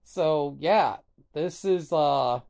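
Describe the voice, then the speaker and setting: Sleepy, slow-talking anime vlogger. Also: mid-range voice, vocal fry, darkish tone. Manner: rambling, swears freely, lots of fillers. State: sleepy, barely awake. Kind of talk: casual rambling recap.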